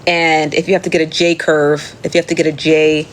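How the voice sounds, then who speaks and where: Casual host, female, low pitch, loose profane chatter, light background hiss. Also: flat delivery, brisk. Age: adult. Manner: chatty, profane, laughs often, talks straight to viewers as "friend". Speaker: live show host reading viewer comments. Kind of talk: casual chat.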